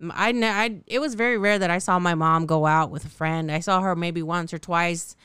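A woman's voice: lowish voice, steady tone, fairly quick, fairly bright tone, clear, resonant tone, dry recording, clean studio sound. A woman in her thirties hosting a candid solo podcast, blunt and profane, laughing often at herself, her throat a little sore. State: slightly sore, scratchy throat. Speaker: podcast host.

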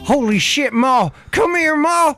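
A man voicing a loud, swearing backwoods old man named Paul who grabs his gun. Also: very high-pitched, lively intonation, a little slow, loud music behind the voice, pitched above the performer's own voice, full character voice. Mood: hollering. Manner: hollering, swearing.

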